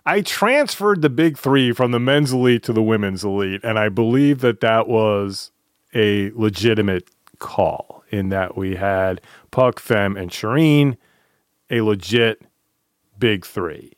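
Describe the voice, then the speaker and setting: A man hosting a casual podcast chat, talking in a relaxed, halting way and often repeating words. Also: fairly low pitch, dry recording, studio quality. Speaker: podcast host.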